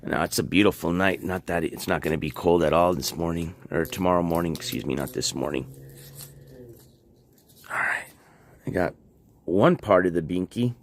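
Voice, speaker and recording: A man hosting a casual livestream from his home and yard, chatting in a relaxed, rambling way with many fillers, recorded on a handheld phone. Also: sits low, moderate pace, pauses often, a little hiss or hum. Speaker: livestream host. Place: at home, moving between yard and house. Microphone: handheld phone on a gimbal.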